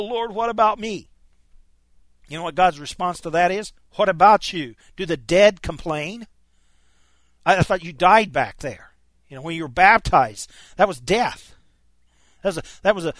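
A man's voice: high voice, a bit bright, no echo. A man preaching a sermon, emphatic and stopping often to restart his words. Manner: emphatic, frequent stammered restarts.

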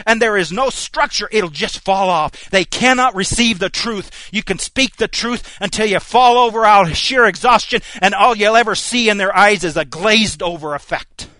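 Middle-aged male preacher, emphatic and repetitive, bright edgy tone, dry close sound. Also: high voice, dry recording. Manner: emphatic, rhetorical questions and hammering repetition. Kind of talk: fiery sermon.

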